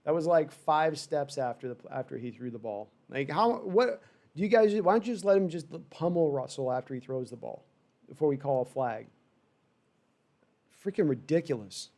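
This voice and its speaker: A man hosting a fan livestream, giving rambling, animated live sports reaction with frustrated asides while reading chat. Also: fairly high pitch, normal speed.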